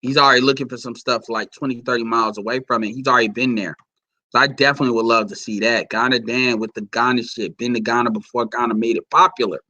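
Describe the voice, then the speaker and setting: A man's voice: mid-range voice, steady tone, quick pace, pushed and bright, dry recording, highs cut off. A man giving heated, profane, rambling commentary to his audience. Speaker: commentary vlogger.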